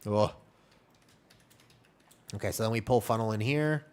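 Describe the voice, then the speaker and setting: Man, slightly low voice, chatty, live gameplay commentary, allergy sniffles, keyboard clicks behind. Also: a little slow, clean tone. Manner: chatty, explains rotations while reading chat. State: sneezing and coughing from allergies. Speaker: streamer playing a tank.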